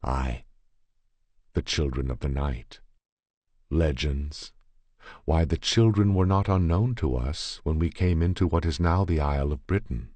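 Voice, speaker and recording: A man reading a horror tale aloud in a measured, grave first-person narration. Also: a bass voice, a little mellow, no echo. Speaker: audiobook reader.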